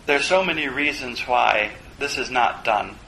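A man's voice: medium pitch, a little slow, creaky, pushed and bright, slight background noise, rough recording. A man giving a Buddhist dharma talk, reflecting aloud and posing questions to himself. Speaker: Buddhist teacher.

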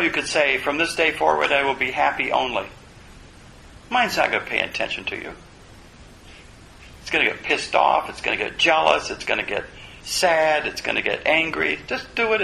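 A man with a gravelly, rough edge to his voice delivers a reflective Buddhist teaching, turning questions over aloud as he goes. His tone is bright and forward, and a faint hiss runs beneath the recording. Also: a little high, poor audio. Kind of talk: dharma talk.

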